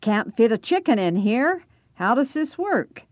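A raspy, gruff old man , as a woman reader puts him on leans on each question with a sharp, suspicious edge and a lively rise and fall in his voice. The sound is close and dry. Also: fairly high pitch, measured pace, no room sound, pitched above the performer's own voice.

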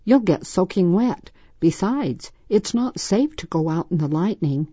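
A woman voicing a calm, sensible boy who talks gently to his sister. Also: on the low side, measured pace, slightly rough, no room sound, dull audio, voice pushed up. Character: calm older boy, brotherly.

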